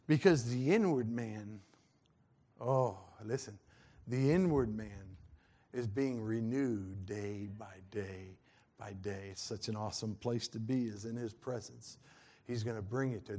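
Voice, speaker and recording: Folksy preacher, fervent. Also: male voice, on the low side, a little slow, darkish tone, husky. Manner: folksy, earnest preaching with rising fervent peaks. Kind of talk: sermon.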